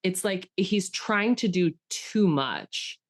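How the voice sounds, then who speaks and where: A woman's voice: lowish voice, expressive, slow pace. Chatty woman podcast co-host. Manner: chatty, enthusiastic, with frequent fillers and restarts. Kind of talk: casual film discussion chat.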